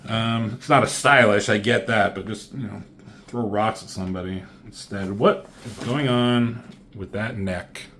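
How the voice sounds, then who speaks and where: A man's voice: on the low side, measured pace, fairly bright tone, a little hiss or hum. Sarcastic, foul-mouthed male comic reviewer. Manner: profane, sarcastic asides. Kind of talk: casual comedic recap.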